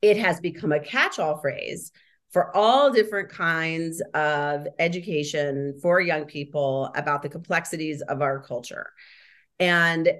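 With a low, slightly bright voice, a woman responds to interview questions about schools and raising children. She explains emphatically, shifting from quick bursts to slow stresses.

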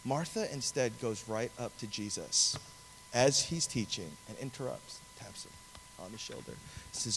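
A man preaching a sermon, telling a story in an animated, conversational way, in a large cathedral. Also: medium pitch, measured pace, a little hiss or hum. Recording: long reverb of a large hall.

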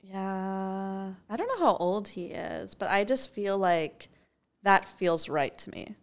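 Slow-talking playful young woman. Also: mid-range voice, smooth. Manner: giggly, deadpan jokes, playful. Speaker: podcast co-host. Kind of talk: casual chat.

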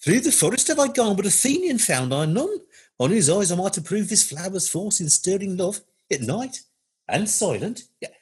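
A man's voice: high-pitched, sing-song, a little mellow, slightly rough, pitched above the performer's own voice, full character voice. A man putting on a sing-song Brummie fairy sprite. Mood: playful. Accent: Birmingham. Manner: slow, sing-song theatrical recital. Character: mischievous male fairy servant reciting verse.

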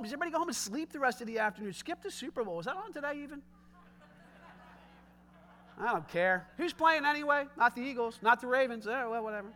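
This pastor delivers his sermon expressively and at a quick clip, alternating booming, emphatic lines with quiet, low asides. He often puts direct questions to the congregation.

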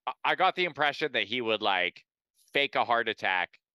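A man's voice: medium pitch, expressive, moderate pace, pushed and bright, clean tone, no echo. A man co-hosting a casual comedy podcast, swearing freely and riffing through stories with amused, rambling energy. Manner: profane, rambling, amused storytelling. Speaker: podcast co-host.

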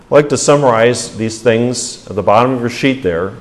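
Pastor guy preaching, mid-pitched voice, pushes up for emphasis then drops way down at the ends, throws questions at the church. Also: normal speed. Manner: emphatic preaching, rising for stress, dropping low at the ends of phrases; asks the congregation rhetorical questions. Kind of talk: sermon.

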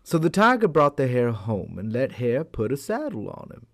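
A man telling a folk tale aloud as a storyteller, in an expressive, unhurried manner. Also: medium pitch. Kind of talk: animated storytelling.

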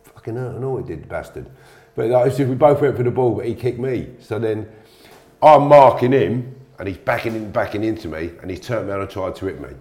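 A man's voice: lowish voice, a little fast, darkish tone. Blunt, slangy man, roomy sound. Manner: blunt, slangy, swears freely. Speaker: interview guest. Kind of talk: storytelling in conversation. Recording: roomy echo.

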